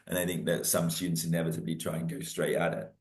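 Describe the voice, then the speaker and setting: Very deep-voiced animated male teacher. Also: fast. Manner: animated, laughs often, acts out students' lines. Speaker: history teacher. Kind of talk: casual revision discussion.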